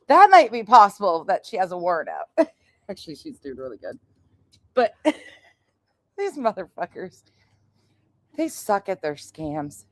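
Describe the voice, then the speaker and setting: A woman's voice: mid-range voice, big pitch swings, a little slow, pauses often, dry recording. A woman hosting a casual livestream, brash and sarcastic, swearing often and laughing at her own stories. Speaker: streamer host. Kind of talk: casual profane livestream chat.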